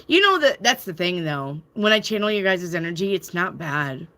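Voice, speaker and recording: A woman's voice: on the low side, sing-song, normal speed, bright, forceful tone. A woman hosting a live tarot channel, chatting casually and candidly, reading out viewer comments and swearing freely. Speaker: tarot reader and channel host. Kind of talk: casual live-stream chat.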